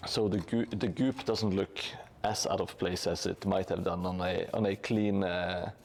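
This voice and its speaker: A man's voice: sits low, fairly even intonation, measured pace, a little mellow. A man live-streaming his terrain painting in a casual, hesitant way, with many fillers and restarts. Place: home hobby room above a gym.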